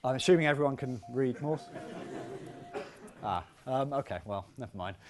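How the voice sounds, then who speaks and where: A man, a physics professor, giving a lively and conversational public science lecture in a hall, with self-deprecating asides. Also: medium pitch, quick pace.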